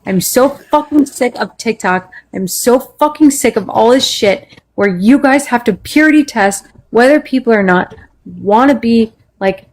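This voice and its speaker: A woman's voice: on the high side, expressive, measured pace, darkish tone. Furious woman swearing nonstop. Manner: angry, swearing constantly. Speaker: panel speaker. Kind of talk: heated live-stream argument.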